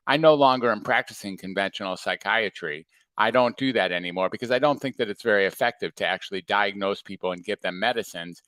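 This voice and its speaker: A man coaching viewers in a livestream talk, calm and reflective, asking many rhetorical questions. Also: lowish voice, no room sound. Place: home or office, livestream.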